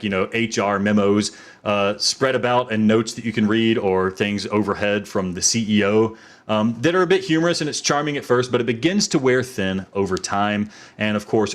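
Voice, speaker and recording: Male game reviewer, lowish voice, playful mock-trial delivery.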